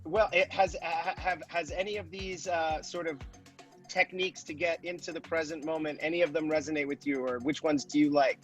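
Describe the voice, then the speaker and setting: Guy hosting a zoom hangout, kinda high voice, gushing and rambling, a little music underneath. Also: fairly even intonation, normal speed, a bit bright. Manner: enthusiastic, rambling with restarts. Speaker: host. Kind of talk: casual chat on a video call. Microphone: video call.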